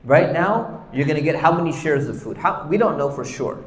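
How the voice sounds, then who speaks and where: A man's voice: fairly high pitch, lively intonation, brisk. A man teaching a conversational Quran commentary class, often putting questions to his audience. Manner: chatty, keeps asking the audience questions. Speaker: Islamic teacher. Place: large Islamic center hall. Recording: echoey hall with long reverb.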